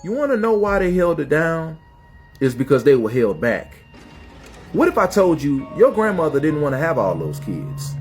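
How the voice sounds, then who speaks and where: Man, slightly high voice, preachy, emphatic lecture, faint music behind. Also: very animated, normal speed. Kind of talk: lecturing monologue.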